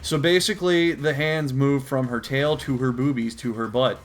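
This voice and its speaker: A man giving crude, rambling comedic commentary while reading a comic aloud, with profane deadpan asides. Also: mid-range voice, normal speed. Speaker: comedy video host.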